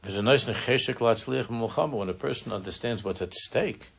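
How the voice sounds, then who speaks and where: A man teaching a Chassidic text in an earnest, halting, conversational way, dropping in Hebrew and Yiddish terms. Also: mid-range voice, creaky, a bit bright, husky. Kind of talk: conversational Torah class.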